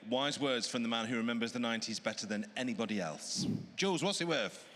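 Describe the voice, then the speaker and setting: A man co-presenting with teasing banter, nudging the conversation along with quick questions. His voice sits at an ordinary middle pitch, and a long hall reverb hangs behind it. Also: expressive, a bit bright. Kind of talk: light-hearted presenting banter. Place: auction hall.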